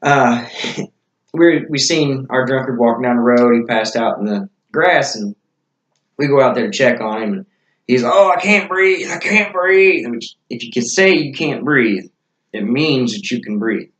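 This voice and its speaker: A man's voice: medium pitch, a little slow, reverberant, rough recording. A man telling stories in a casual, rambling way with many fillers. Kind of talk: casual storytelling.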